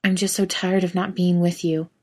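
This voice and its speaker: Woman reading a young man, quiet, stubborn, earnest, lowish pitch, storybook. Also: level tone, normal speed, lightly acted. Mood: tender. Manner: quiet, insistent.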